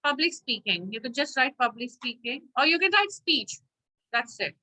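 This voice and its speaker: A woman's voice: high voice, big pitch swings, moderate pace, bright, forceful tone, rough recording. A woman teacher leading an online class, firm and instructive, often checking with "okay?", heard over a video call.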